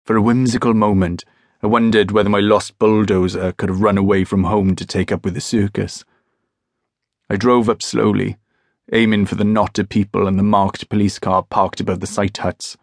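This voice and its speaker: A man with a low voice narrates a first-person detective story, wry and measured with a deadpan edge. He is recorded on a close mic in a dry booth with no room sound. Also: no echo. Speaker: audiobook narrator. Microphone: close studio mic.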